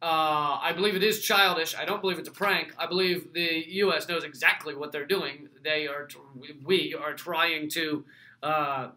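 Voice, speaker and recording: A man hosting a casual show, answering viewer questions in a wry, sarcastic way with quick restarts and asides. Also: on the high side, steady tone, pushed and bright. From United States. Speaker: host.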